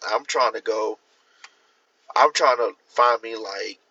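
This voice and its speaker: On a livestream, a male host chats casually and animatedly, laughing and acting out the voices he quotes. His voice is lowish and sharp in tone, and he takes it slowly. The phone mic sits at a distance, giving dull lo-fi audio with slight background noise.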